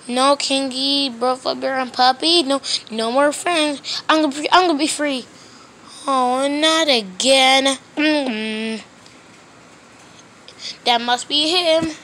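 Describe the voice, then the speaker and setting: A woman talking through a toy play scene, switching quickly between plush characters in loose, ungrammatical play talk. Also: high voice, a bit bright, slight background noise. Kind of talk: toy play with many voices.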